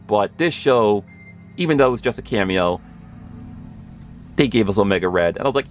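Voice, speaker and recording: Excitable man gushing in a casual recap. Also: fairly low pitch, brisk, faint music behind. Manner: excitable, rambling, gushing, with self-corrections. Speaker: pop culture video host.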